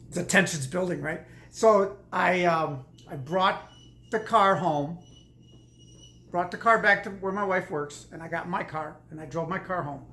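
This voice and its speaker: A woman's voice: on the low side, a little slow, a bit bright, roomy sound, a little hiss or hum. A woman casually telling a personal story in a rambling way, with many restarts and repeats.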